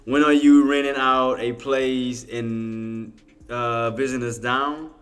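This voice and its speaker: Man, cajun louisiana accent, livestream trading commentary, chatty, excitable, southern slang. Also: medium pitch, slow, soft background music.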